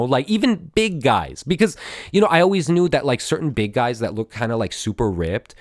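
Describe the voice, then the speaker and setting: A man's voice: dry recording, studio quality. A man in his thirties, a podcast host telling a confessional story in a rambling, profane way, full of restarts. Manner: animated, swinging up and down in pitch.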